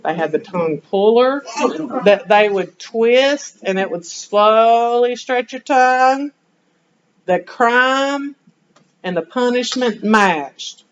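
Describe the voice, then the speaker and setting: Her voice on the high side and her pace slow, a woman teaches history in an animated classroom lecture full of rhetorical questions for her students. The recording is dull and lo-fi.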